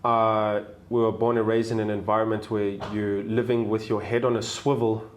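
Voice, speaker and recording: A man's voice: fairly low pitch, moderate pace, slight background noise. A young South African man, a travel video maker, casually telling stories as an interview guest and acting out the voices of people in them. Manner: animated, acts out voices in his stories. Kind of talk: casual storytelling.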